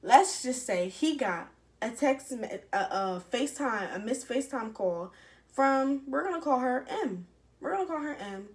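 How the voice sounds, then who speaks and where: A young adult woman telling a personal story casually to her camera, animated, profane and candid, talking straight to her viewers. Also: sits high, moderate pace. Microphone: camera set up in front of her.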